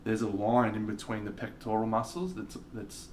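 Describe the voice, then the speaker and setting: A man's voice: lowish voice, little pitch movement, normal speed, distant mic, a little hiss or hum. A man with an Australian accent, chatting casually and rambling as he paints miniatures on a live stream and answers viewers.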